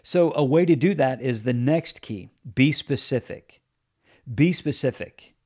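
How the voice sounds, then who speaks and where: A man's voice: mid-range voice, expressive, a little slow, darkish tone, husky. A man hosting a podcast, giving earnest, plain-spoken practical advice on encouragement. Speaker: podcast host. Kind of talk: solo podcast teaching.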